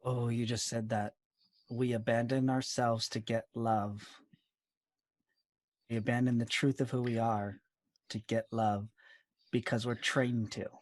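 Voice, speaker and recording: A man's voice: medium pitch, flat delivery, unhurried, long pauses. A man in a casual podcast conversation, thoughtfully echoing and building on what was just said. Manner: thoughtful, echoes and builds on points.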